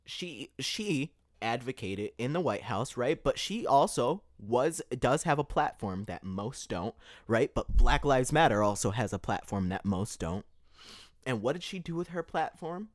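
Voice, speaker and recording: This podcast host, with a medium-pitched voice, big pitch swings, and a measured pace, gives an emphatic opinion monologue, tossing in rhetorical "right?" questions. It's a studio-quality recording with no room sound.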